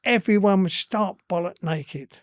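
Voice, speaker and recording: Give me an older man with an East London accent, a fairly high voice, telling earthy stories bluntly. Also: measured pace, no room sound, clean studio sound. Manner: blunt and earthy, swears freely. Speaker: guest. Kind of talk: casual storytelling.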